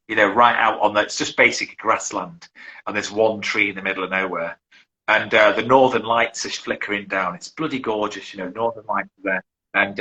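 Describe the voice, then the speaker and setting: A man's voice: lowish voice, pushed and bright, low-quality recording. A middle-aged man from England, a survival instructor chatting casually as an interview guest, who rambles and restarts his sentences often.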